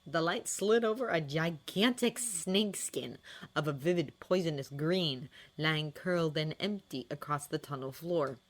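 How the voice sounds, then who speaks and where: Female narrator, low register, expressive dramatic audiobook reading. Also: a little slow. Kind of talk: fan fiction audiobook reading.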